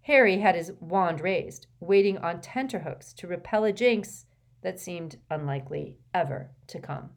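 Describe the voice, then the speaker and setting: A woman narrating a novel as an audiobook, in a steady, measured storytelling manner. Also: on the low side, creaky. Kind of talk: scripted narration.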